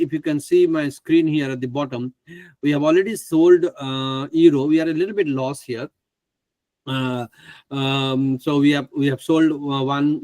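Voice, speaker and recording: A man's voice: on the high side, a little mellow, no room sound, poor audio. Man teaching trading on a call, hesitant. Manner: hesitant, many fillers and restarts. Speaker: trading instructor. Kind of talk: live online trading class.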